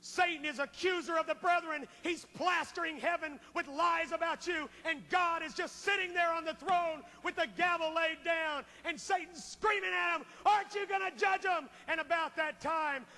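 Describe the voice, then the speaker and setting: A man preaching a revival sermon, swinging between impassioned shouting and hushed pleading. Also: extremely high pitch, steady tone, normal speed, creaky, hardly any pauses, long reverb tail. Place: large church auditorium.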